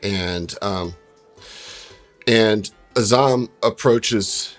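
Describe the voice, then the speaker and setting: Male game master, low voice, loose and chatty narration. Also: very slow, faint music behind. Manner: relaxed storyteller with many fillers.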